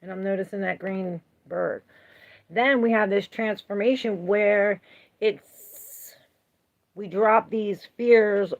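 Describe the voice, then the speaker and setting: A woman's voice: mid-range voice, gravelly, highs cut off. A woman giving a casual livestream tarot reading, chatty and laughing often as she greets viewers and answers their comments. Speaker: tarot reader.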